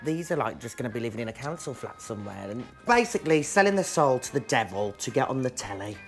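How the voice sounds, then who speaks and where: A man's voice: lively intonation, soft background music. A male drag queen chatting crudely and campily while reacting to a dating show. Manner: crude, camp, quick jokes with big pitch swings. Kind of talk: bawdy casual chat.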